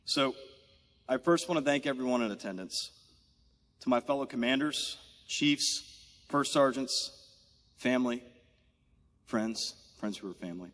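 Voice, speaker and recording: A man in his forties from Maryland, giving a heartfelt farewell speech as an outgoing military commander, thanking people one by one and holding back tears. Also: lowish voice. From Maryland, USA. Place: large aircraft hangar at a ceremony. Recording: long echo of a big hangar.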